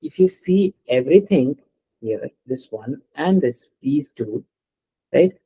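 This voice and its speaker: Guy teaching french one on one, dark husky voice, patient, keeps asking the student to read stuff out. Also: mid-range voice, lively intonation, slow pace, rough recording. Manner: patient, explains step by step and prompts the student to read aloud. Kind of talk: one-on-one language lesson.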